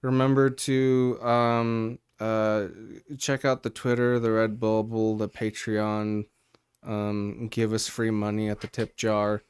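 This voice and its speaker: A man co-hosting a podcast, his voice smooth and clean. He tells stories in a loose, rambling way, peppered with ums and casual swearing. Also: mid-range voice. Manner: rambling storytelling, heavy on fillers and swearing. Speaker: podcast co-host. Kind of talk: casual chat.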